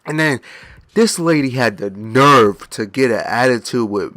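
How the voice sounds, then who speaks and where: A man's voice: mid-range voice, lively intonation, a little fast, bright, forceful tone, no echo. Young man, laid-back storyteller, rambling anecdote, dry close sound. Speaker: gaming channel host. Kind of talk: casual storytelling.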